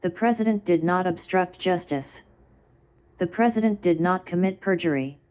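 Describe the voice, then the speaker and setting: A woman in her thirties delivers a formal defense speech in a legislative chamber, building her points with a deliberate, rhetorical cadence. Her voice sits on the low side. The sound is dull and lo-fi, like an old archival broadcast. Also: darkish tone. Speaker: defense lawyer addressing the Senate.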